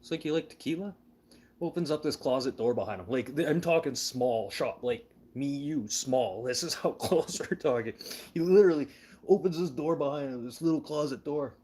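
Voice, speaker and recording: A man's voice: medium pitch, normal speed, mellow, husky. A man telling rambling, casual stories, swearing freely and laughing as he goes. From Canada. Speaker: show host. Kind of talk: casual storytelling chat.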